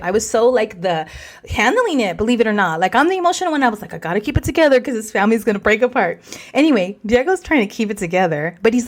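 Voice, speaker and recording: A woman in her forties hosting a podcast, telling a story in a rapid, animated way, dropping Spanish words and swearing freely. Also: fairly high pitch. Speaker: podcast host. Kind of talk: casual storytelling.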